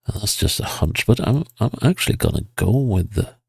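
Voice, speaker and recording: A man with a low, husky voice and a stuffed-up nose talks through a video game in a casual, hesitant way, thinking aloud and chuckling now and then. His voice has a gravelly edge, and the recording is dry and close. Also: expressive, moderate pace, darkish tone, no room sound. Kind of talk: casual gameplay commentary.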